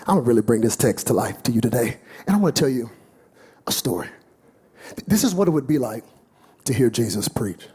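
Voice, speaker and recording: A husky-voiced man preaches to a congregation in a church, telling a story with great drama. His voice sits high for a man and leaps all over the place, dropping to hushed murmurs and then climbing to excited shouts. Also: fast talker. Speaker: pastor. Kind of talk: sermon storytelling.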